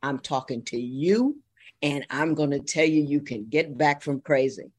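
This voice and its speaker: A woman from Ohio, a guest on a talk podcast, telling a story with emphatic, drawn-out phrasing. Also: deep voice, animated. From Columbus, Ohio. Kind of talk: storytelling in casual interview.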